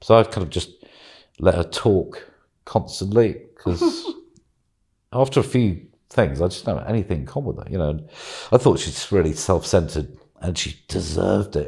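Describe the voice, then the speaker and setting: A man with a low, gravelly voice tells a story in a relaxed, chatty way. His pitch swings widely as he laughs and acts out what people said. It sounds like a casual anecdote on a podcast. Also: normal speed. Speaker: podcast guest telling a story.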